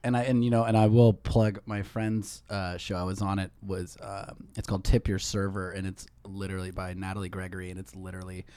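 A man's voice: low voice, fairly quick, few pauses, smooth. A man hosting a casual podcast chat, telling stories in a loose, profane way and laughing often. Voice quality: profane, laughing, animated storytelling. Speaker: podcast host.

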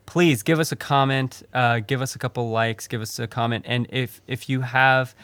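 A man's voice: medium pitch, steady tone, normal speed, fairly bright tone, dry recording. A man co-hosting a podcast in casual chat, rambling with many restarts. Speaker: podcast co-host.

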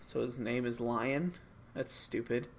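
A man's voice: medium pitch, steady tone, unhurried, crowd noise. A man co-hosting a podcast in casual chat, rambling with playful exaggeration and jokes. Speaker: podcast co-host.

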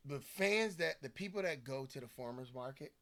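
Guy from philly on a podcast, bright forceful voice, acts out what people said. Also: mid-range voice, moderate pace. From Philadelphia area. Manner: animated storytelling, acts out quoted people. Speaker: podcast co-host. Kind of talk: casual conversation.

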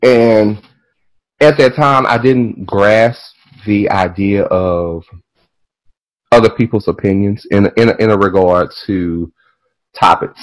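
A man hosting a podcast in casual chat, animated and profane, drifting into tangents and laughing as he talks. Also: fairly low pitch, slow pace, poor audio. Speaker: podcast host.

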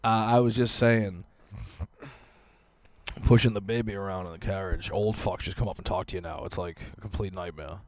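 A man's voice: low voice, steady tone, fairly quick, a little mellow, dry recording. A man on a podcast going on a crude, sarcastic comedic rant full of swearing. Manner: sarcastic, crude, mocking voices of others. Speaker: podcast co-host.

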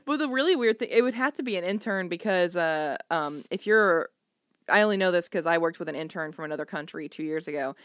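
Young woman podcast cohost, chatty and animated, lots of "like", dry mic. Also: on the low side, a little fast, dry recording. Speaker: podcast co-host. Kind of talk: casual chat.

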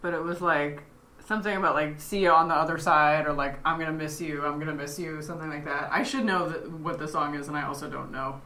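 A woman co-hosting a podcast, thoughtfully adding details to a recap and trailing off softly. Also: low voice, fairly even intonation, fast talker. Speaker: podcast co-host. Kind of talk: casual episode recap.

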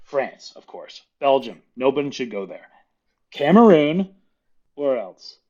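A middle-aged man from Florida chats as a podcast guest, spinning animated stories and slipping into quick impressions of the people in them. His voice sits at an ordinary middle pitch. The recording is a little dull and lo-fi. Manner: animated storyteller, acts out quoted voices, laughs often. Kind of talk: casual podcast chat.

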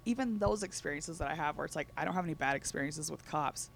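Woman co-host, gravelly fry, middle pitch, loose rambling storyteller, faint background noise. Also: quick pace. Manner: laid-back, rambling storytelling, constant fillers, laughs often. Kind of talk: casual chat.

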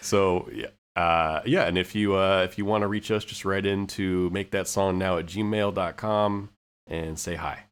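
Casting: male podcast guest, low voice, dry joking delivery. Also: steady tone, measured pace, smooth. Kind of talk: casual chat.

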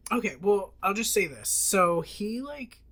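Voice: mid-range voice, big pitch swings, measured pace, a bit bright. Chatty person laughing through film talk. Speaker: podcast host. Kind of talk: casual film discussion.

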